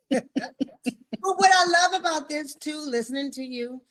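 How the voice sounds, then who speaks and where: Podcast host, woman, fairly high voice, unhurried delivery, lively reactions. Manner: enthusiastic, acts out quotes. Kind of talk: podcast interview.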